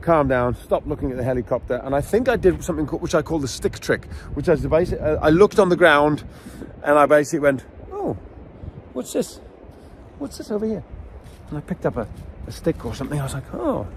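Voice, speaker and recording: Middle-aged man, dog trainer: chatty, animated teacher who acts out his anecdotes, a touch high-pitched, recorded outside by the beach. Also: slight background noise. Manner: animated storyteller, acts out scenes. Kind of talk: casual outdoor teaching talk with anecdotes. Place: outdoors near a beach. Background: faint outdoor ambience with waves.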